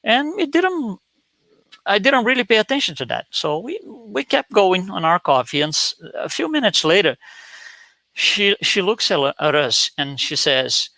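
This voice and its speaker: A man's voice: high voice, big pitch swings, a little slow, gravelly, bright, forceful tone, no room sound. A man giving a talk with slides, telling a story with many fillers and restarts. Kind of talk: lecture with slides.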